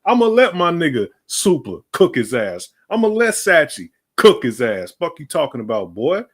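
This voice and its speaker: A man's voice: a little high, wildly swooping pitch, moderate pace. A man hosting a livestream, ranting in a blunt, profane and dismissive way. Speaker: livestream host. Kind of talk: heated casual rant.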